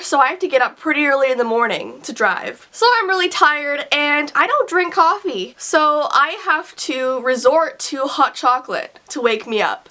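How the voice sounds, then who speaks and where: A young woman telling stories in a casual vlog, animated and exclamatory, rambling with lots of fillers. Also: sits high. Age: young adult. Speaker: vlogger.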